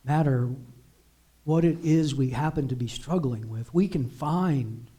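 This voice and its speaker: A man's voice: medium pitch, unhurried, mellow, breathy edge. A man preaching as pastor in a church, building emphatic repeated declarations. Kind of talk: sermon. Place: church sanctuary.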